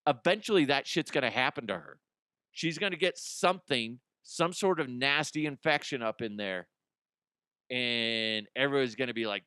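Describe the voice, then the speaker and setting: A man's voice: medium pitch, lively intonation, moderate pace, sharp tone, clean tone, dry recording, clean studio sound. A man hosting a comedy news show, ranting casually and profanely, rambling and acting out imagined people.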